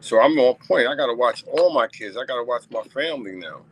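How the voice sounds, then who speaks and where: A man's voice: medium pitch, animated, a little fast, rough recording. A man talking to his viewers in a casual commentary monologue, emphatic and repetitive, checking in with asides and chuckling between points. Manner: emphatic and repetitive, frequent "you know what I'm saying" asides. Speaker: vlogger commenting on a news story.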